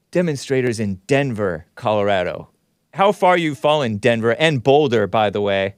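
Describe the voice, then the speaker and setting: Animated sarcastic male talk show host. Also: medium pitch, moderate pace, clear, resonant tone, dry recording, studio quality. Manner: animated, sarcastic, swings loud and soft, laughs at his own jabs. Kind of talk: call-in talk show rant.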